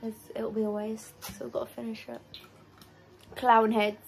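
A young woman talks her way through a makeup session while clearly drunk. Her voice sits a little high and wanders in a loose, rambling way, full of casual swearing. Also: flat delivery, moderate pace, a little mellow, faint music behind. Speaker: vlogger.

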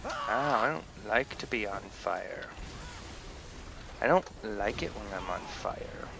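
Young male let's-player, unhurried, gravelly, goofy trash talk. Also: lowish voice, expressive, background noise. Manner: goofy, playful trash talk to game characters. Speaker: let's play gamer. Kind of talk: casual gameplay commentary. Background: game music and gunfire.

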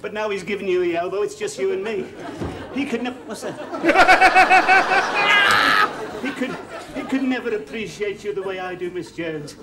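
An actor playing a pompous, leering middle-aged landlord who blusters and stammers, in 1970s studio sitcom style. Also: male voice, high voice, a little fast, over a noisy crowd, very noisy, close to an everyday voice. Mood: amorous. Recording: 1970s TV clip with audience laughter.

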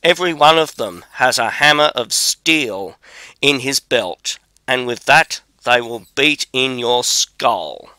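A man's voice: medium pitch, lively intonation, slow pace, bright, forceful tone, smooth, no echo. A man reading the lines of a brave, boastful young drummer in a storybook audiobook, with a bold, confident delivery.

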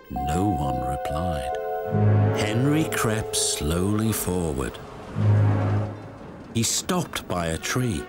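Slow, expressive storybook narrator, man. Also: sits low. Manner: expressive, lively. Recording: music bed under voice.

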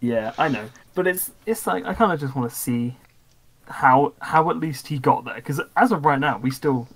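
A man's voice: a little high, moderate pace, rough recording. Laid-back young man teasing his co-host. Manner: laid-back, teasing, trails off mid-thought. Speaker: anime review podcast co-host. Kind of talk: casual chat.

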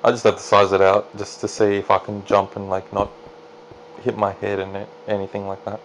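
A man casually commentating his own gameplay, chatty and self-deprecating, jumping into excited high yelps. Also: normal speed, a little hiss or hum, low-quality recording. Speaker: let's play gamer.

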